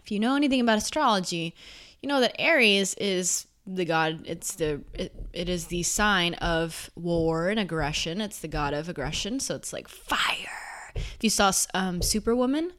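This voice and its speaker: A woman talking earnestly to camera in a casual, conversational way, turning emphatic one moment and soft the next. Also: lowish voice, normal speed. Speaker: self-help speaker.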